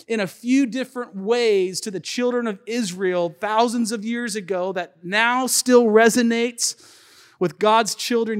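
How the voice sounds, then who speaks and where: A man preaching a sermon as pastor, telling a lively story and acting out the people in it before moving into scripture. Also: sits high, clean tone. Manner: animated storyteller, acts out quotes, bursts into shouts. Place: church sanctuary. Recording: long hall reverb.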